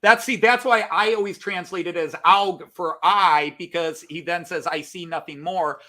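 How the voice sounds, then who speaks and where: A man's voice: high-pitched, normal speed, sharp tone. A man co-hosting a casual live stream, explaining and thinking aloud with many fillers. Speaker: co-host of a model railroad live stream.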